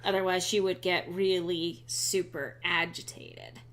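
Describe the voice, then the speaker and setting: A woman's voice: fairly low pitch, a little slow, a bit bright. A young woman streaming a game, chatting casually with sarcastic asides and frequent ums. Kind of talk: casual let's-play chat.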